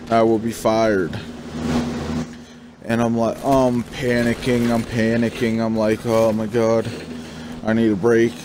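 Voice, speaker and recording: A young man tells a rambling personal story in a casual vlog over gameplay, acting out his panicky inner voice and swearing as he goes. His voice sits in an ordinary middle pitch. Steady, clearly audible noise runs under the recording. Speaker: gaming vlogger.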